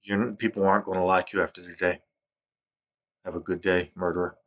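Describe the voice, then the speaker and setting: A man's voice: sits low, level tone, fairly quick, highs cut off. A man, talking to camera in a rambling, accusatory monologue that keeps repeating itself. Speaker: vlogger.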